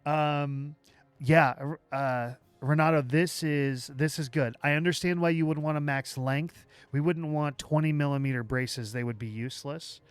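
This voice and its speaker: Man, livestream host, smooth clear voice, dry sound, faint music behind, thinking aloud with restarts. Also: on the high side, fairly even intonation, normal speed, dry recording. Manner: chats with viewers while working. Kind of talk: live software walkthrough.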